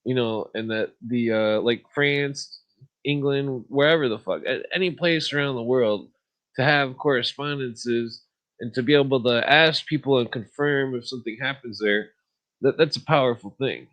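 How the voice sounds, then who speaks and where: A man's voice: medium pitch, moderate pace, a bit bright, muffled recording. A man hosting a podcast, talking in a rambling, profane monologue and laughing at his own stories. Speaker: podcast host.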